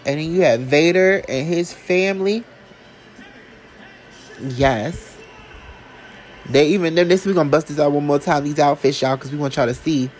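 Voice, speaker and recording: Fan vlogger, male, slightly high voice, gushing and sassy live reactions. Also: moderate pace, pauses often, poor audio. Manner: excitable and emotional, gushing; casual and sassy, calls listeners y'all and honey.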